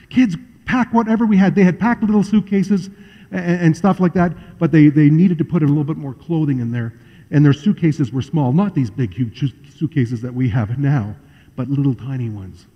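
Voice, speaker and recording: A male pastor telling a story in a sermon, acting out the voices of its people with shifting loudness and pace. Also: on the high side. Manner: acts out quoted voices, varies loudness and pace freely. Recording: muffled hall recording with long reverb.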